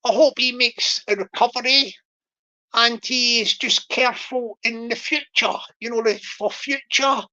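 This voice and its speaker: A woman's voice: on the high side, fairly even intonation, measured pace, bright, forceful tone. A woman hosting her own channel, chatting in a rambling casual way with many restarts and fillers. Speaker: channel host. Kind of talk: rambling casual vlog chat. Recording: dull lo-fi recording.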